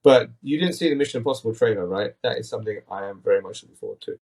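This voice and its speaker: A man's voice: on the low side, animated, racing, darkish tone. A man hosting a casual podcast, talking in an opinionated, rambling, critical way into a tablet mic. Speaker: podcast host.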